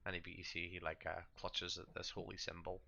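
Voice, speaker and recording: A man's voice: low-pitched, little pitch movement, fairly quick, creaky, bright, forceful tone. A man narrating a tabletop horror game as game master, describing scenes with frequent restarts and fillers.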